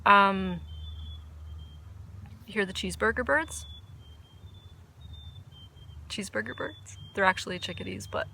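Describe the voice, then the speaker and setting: Bright-voiced chatty woman. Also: mid-range voice, a little slow, vocal fry, long pauses, slight background noise. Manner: chatty, excitable, self-deprecating. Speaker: podcast host. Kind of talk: casual chat about knitting. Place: outdoors under a tree.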